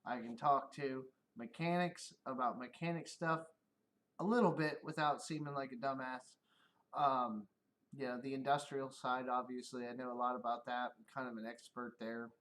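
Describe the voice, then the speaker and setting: A man's voice: medium pitch, steady tone, normal speed, a bit bright. A middle-aged man on a casual livestream, rambling and swearing, often laughing at his own stories. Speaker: streamer.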